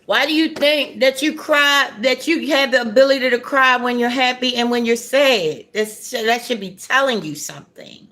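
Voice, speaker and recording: A woman vlogger, chatting during a mukbang with a playful, animated delivery and sudden high rises. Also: moderate pace, hardly any pauses. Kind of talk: mukbang chat.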